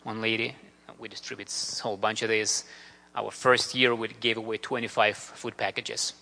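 A man's voice: fairly low pitch, flat delivery, moderate pace, creaky, bright, forceful tone. A man giving an earnest, grateful mission talk with slides in a church. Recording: long reverb of a large hall.

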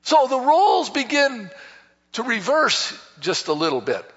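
Animated high-voiced preacher in echoey hall. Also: male voice, measured pace, slightly rough. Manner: animated, folksy storytelling with acted dialogue. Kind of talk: sermon. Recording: dull echoey hall from a distance.

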